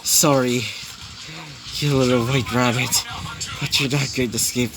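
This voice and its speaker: A man's voice: medium pitch, fairly even intonation, a little slow, over music, voice pushed down, close to an everyday voice. A man voicing a domineering young woman who brushes others off. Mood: dismissive.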